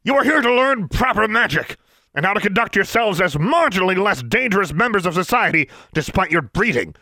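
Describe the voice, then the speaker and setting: A man's voice: high voice, big pitch swings, fairly quick, no room sound, voice pushed up, exaggerated voice. A man putting on a bellowing pompous giant of a man. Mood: bellowing rage. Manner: bellowing, blustering, shouting. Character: huge pompous bearded man, furious official.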